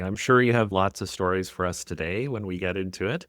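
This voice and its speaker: A man with a Canadian accent hosting a podcast interview, enthusiastic and chatty, telling stories with animated energy. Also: sits low, fairly quick, no echo, clean studio sound. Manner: enthusiastic storyteller, animated when retelling. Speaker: podcast host. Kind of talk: conversational interview.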